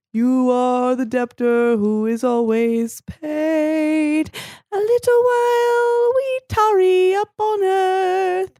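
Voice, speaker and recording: A woman's voice: extremely high pitch, a little mellow, no echo, studio quality, voice pushed up, exaggerated voice. Woman singing as grieving young lyre player. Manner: sing-song, mock-solemn. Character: grieving young male musician singing a lament. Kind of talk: comic reading sung to a made-up melody.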